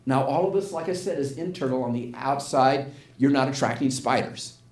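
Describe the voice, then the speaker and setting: A man's voice: mid-range voice, moderate pace. An older man giving an inspirational talk to a spiritual community, telling a story, acting out the quotes and asking the audience questions. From United States. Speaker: guest speaker at a spiritual community. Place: church hall with audience. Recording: echoey hall.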